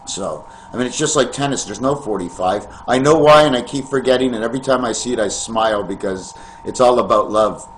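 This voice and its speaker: A man vlogging in a meandering, free-associating monologue to camera, with sudden loud bursts. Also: mid-range voice, brisk, few pauses, a little hiss or hum.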